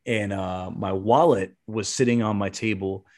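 A man's voice: fairly low pitch, steady tone, a little mellow. A man in his thirties telling a rambling, profane story in casual chat. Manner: fast, rambling, lots of swearing and restarts. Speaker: podcast guest telling a story.

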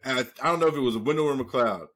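A man's voice: medium pitch, quick pace, a bit bright. A man hosting a podcast, telling a long profane story in casual chat and acting out the voices of the people in it. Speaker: podcast host.

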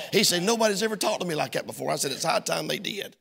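A man's voice: high voice, expressive, quick pace, creaky, few pauses, pushed and bright, husky, long reverb tail. A man preaching a sermon as pastor, telling a folksy story and acting out both sides of a conversation. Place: church sanctuary.

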